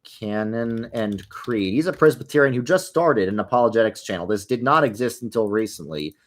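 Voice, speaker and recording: A man's voice: on the low side, expressive, a little fast. A young man talks casually into his desk mic while gaming, answering viewers. His chat wanders from point to point, and he drops in dry, sarcastic remarks as he goes. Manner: rambling, chatty, drifting into wry sarcastic asides. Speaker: livestream host answering viewer questions. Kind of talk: casual livestream chat while playing a game.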